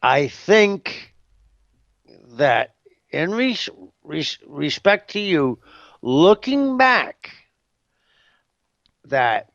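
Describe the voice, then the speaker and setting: Slow gravelly-voiced man rambling. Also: fairly high pitch, a bit bright, dry recording, lo-fi sound. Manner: rambling, hesitant, full of "you know what I mean". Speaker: interview guest. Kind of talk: casual shoot interview.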